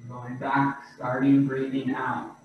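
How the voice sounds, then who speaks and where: A man leads a qigong class at a very slow, unhurried pace, calmly talking students through each breath and movement. He is heard from a distance in a very echoey room. The sound is dull and muffled, like a video call. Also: medium pitch, a little hiss or hum. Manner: slow, calm breathing cues. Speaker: qigong instructor.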